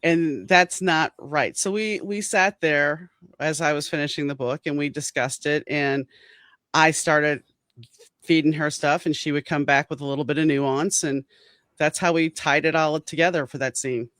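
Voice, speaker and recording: A woman's voice: deep voice, steady tone, moderate pace, fairly bright tone, no echo. A woman author speaking as an interview guest in an earnest, reflective way. The sound is dry and close, with no room around her voice. She talks through her writing process at an easy, conversational pace. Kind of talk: casual interview chat.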